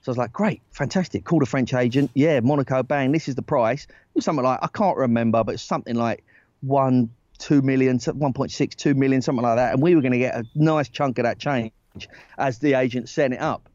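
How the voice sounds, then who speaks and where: A man in his own easy voice, telling stories as a podcast guest, stumbling over restarts and then climbing high when the punchline lands. The sound is dry and close, a little dull and muffled, with no room around it. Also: fast, no echo. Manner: animated anecdotes, rising excitedly, lots of restarts. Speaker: guest, former football agent. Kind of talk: casual storytelling in a podcast interview.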